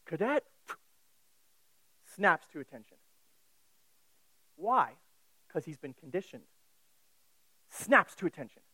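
High-voiced man preaching. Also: big pitch swings, measured pace, pauses often, bright, forceful tone, slightly rough, dry recording, poor audio. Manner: conversational, asks the listeners questions. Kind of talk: sermon.

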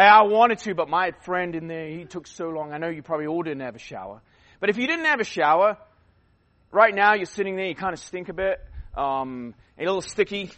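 A man giving a conversational sermon at a youth conference, rambling with restarts and fillers and swinging between loud emphasis and quiet asides. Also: on the high side.

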